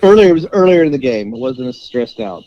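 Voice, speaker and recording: A man co-hosting a sports podcast, animated and storytelling, with plenty of fillers and laughs. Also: mid-range voice, quick pace. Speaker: podcast co-host. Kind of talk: casual sports podcast chat. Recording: dry, slightly dull mic.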